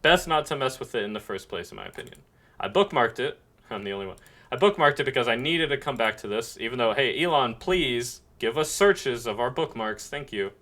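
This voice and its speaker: A man's voice: medium pitch, lively intonation, a little fast, fairly bright tone. Earnest rambling male streamer. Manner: earnest, rambling, self-reflective. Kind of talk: casual livestream monologue. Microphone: webcam mic at a computer.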